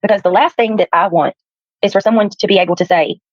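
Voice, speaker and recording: A woman creator earnestly addressing viewers, measured with halting restarts. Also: mid-range voice, no room sound. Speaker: content creator. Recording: dull lo-fi clip.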